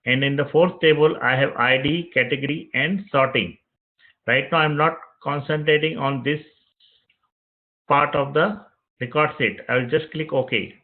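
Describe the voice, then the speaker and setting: A man's voice: fairly high pitch, fairly even intonation, moderate pace. Man narrating a tutorial over tinny audio. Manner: step-by-step narration of clicks, repeats phrases. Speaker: web development instructor. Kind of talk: screen-recorded software tutorial.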